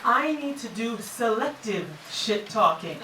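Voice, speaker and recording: A woman's voice: on the high side, lively intonation, unhurried, sharp tone. A woman performing a brash, mocking stand-up comedy set on a comedy club stage. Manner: brash, mocking, punchy delivery. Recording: echoey club from far off, noisy. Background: audience laughter.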